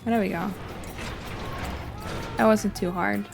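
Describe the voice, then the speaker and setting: Gravelly-voiced woman streaming a game. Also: mid-range voice, measured pace. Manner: chatty, laughs easily, reads game lines aloud. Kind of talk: casual gameplay commentary. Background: game music.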